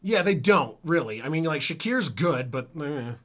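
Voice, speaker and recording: A man's voice: a little high, animated, moderate pace, fairly bright tone. A man hosting a live football reaction stream from home, talking casually in a rambling, self-correcting way. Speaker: sports stream host.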